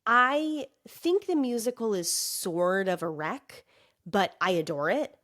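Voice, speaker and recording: A woman guesting on a podcast, raspy from a cold, talking in a wry, playful way. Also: medium pitch, lively intonation, takes it slowly, a bit bright. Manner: wry, playful, laughs easily. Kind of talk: casual chat.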